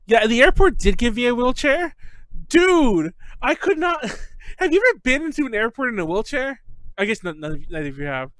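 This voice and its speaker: Man, high voice, very lively pitch, casual podcast chat, laughs and swears. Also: moderate pace, no echo. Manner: animated storytelling, swearing, laughing often. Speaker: podcast host.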